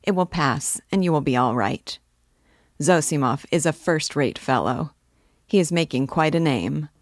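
Lady reading a loud bossy young student guy, low voice, joking around, dry sound. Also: animated, a little slow, no echo. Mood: hearty. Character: boisterous young male student friend.

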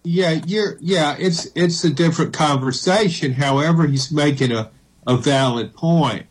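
Husky-voiced male radio co-host. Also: a little high, a little slow, poor audio. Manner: persistent, debating. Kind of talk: call-in sports talk radio.

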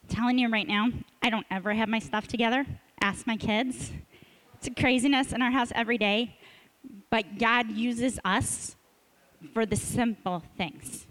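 A woman's voice: on the high side, steady tone, measured pace, a bit bright, poor audio. A woman in her thirties, a cheer coach, sharing an encouraging story with a church group. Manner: earnest, encouraging, speeds up when emphatic. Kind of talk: casual testimony sharing.

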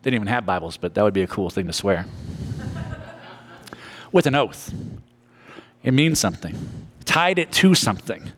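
A man preaching a sermon in church, telling the story with animated voices and jokey asides. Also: lowish voice, moderate pace, pauses often. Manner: animated storytelling, acting out characters. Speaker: pastor.

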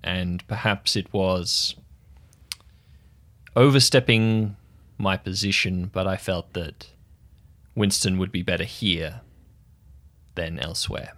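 A man voicing a giant male bird-man who guards the desert, speaking in a measured, quiet, solemn way. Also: low-pitched, steady tone.

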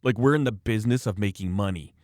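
A man's voice: fairly low pitch, fast talker, darkish tone, no room sound, studio quality. A man hosting a casual podcast chat, telling work stories in a blunt, emphatic way. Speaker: podcast host, former project manager.

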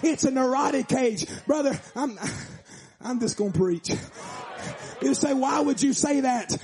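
A man preaching a revival sermon, shouting in a sing-song preaching cadence. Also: extremely high pitch, measured pace.

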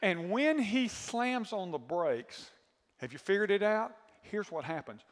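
Man, pastor's sermon, high voice, long hall reverb, animated storytelling. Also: measured pace. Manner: animated storyteller, asks the congregation questions. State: voice worn from screaming.

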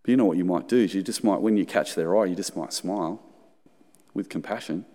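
An Australian man, a pastor, preaching a sermon and telling a personal story in a conversational, animated way. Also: deep voice, brisk. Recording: long hall reverb.

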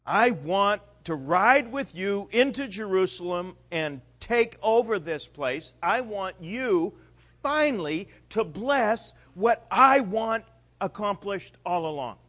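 Preacher puts on an impatient, pushy follower, raised and insistent. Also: male voice, high-pitched, lively intonation, slow pace, pitched above the performer's own voice, exaggerated voice. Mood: eager, demanding. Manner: loud, insistent and exasperated. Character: pushy, excited male disciple demanding glory.

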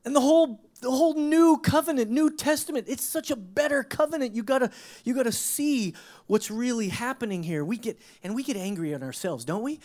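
A man preaching a sermon in a conversational way, full of rhetorical questions, with emphatic bursts that drop into hushed low asides. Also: lively intonation, brisk. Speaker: pastor.

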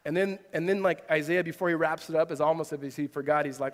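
A man's voice: a little high, fast talker. Male pastor, 30s, storytelling sermon, raised voice, echoing hall. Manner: animated storytelling with asides and self-deprecating humor. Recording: long reverb of a large hall.

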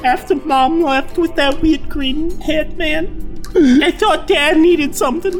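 A man voicing a remorseful grown man in prison, apologizing in halting, mumbled bits in a tabletop game. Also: very high voice, fairly even intonation, soft background music. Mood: sheepish. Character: remorseful jailed grown man, clumsy and sheepish.

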